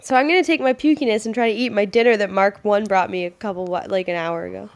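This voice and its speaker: A young woman co-hosting a podcast, telling a story in an animated way, laughing and acting out the people in it. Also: medium pitch, fast. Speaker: podcast co-host. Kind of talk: casual chat.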